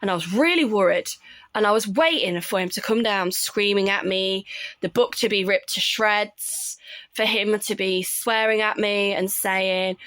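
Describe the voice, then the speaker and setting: A woman, telling stories about her children in an animated way. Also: mid-range voice, moderate pace, dry recording. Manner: animated storytelling, acts out her kids' voices. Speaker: parent vlogger. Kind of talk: casual chat.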